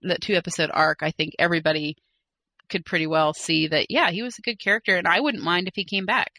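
A woman co-hosting a casual podcast, talking in a loose, rambling way full of fillers and restarts. Her voice sits a little low but sounds bright and forward. The sound is dry and close, with no room around it. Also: fast talker, no room sound. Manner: chatty, rambling with fillers and self-corrections. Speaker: podcast co-host. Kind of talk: casual chat, reading listener mail.

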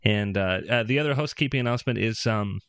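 Relaxed low-voiced man podcaster. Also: quick pace, clear, resonant tone, no room sound. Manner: relaxed, hesitant with fillers. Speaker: podcast host. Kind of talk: casual chat.

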